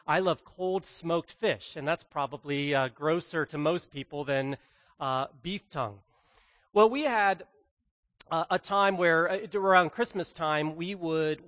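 A pastor telling a personal story in a sermon, speaking to members of the congregation by name. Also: male voice, sits high, fairly bright tone.

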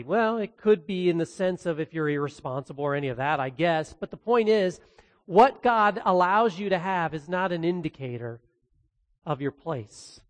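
High-voiced man preaching in a reverberant hall. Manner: earnest, with casual asides. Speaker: pastor. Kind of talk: expository sermon.

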